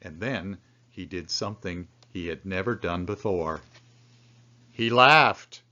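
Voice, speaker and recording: A man reading a children's picture book aloud, telling the story in an expressive way. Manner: slow, expressive storytelling with lively pitch swings. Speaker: storybook reader. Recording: dull lo-fi recording.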